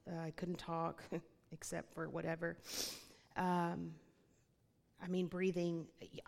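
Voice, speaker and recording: A woman telling a personal faith testimony, animated and quick to laugh, talking straight to the listeners. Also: lowish voice. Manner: animated storyteller who laughs often and addresses listeners as y'all. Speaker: guest speaker sharing a testimony. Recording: long hall reverb.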